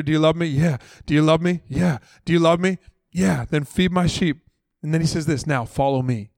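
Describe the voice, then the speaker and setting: A man's voice: a little high, no room sound. Casual, story-telling male preacher. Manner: conversational, acts out dialogue in casual voices. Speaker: pastor. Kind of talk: sermon.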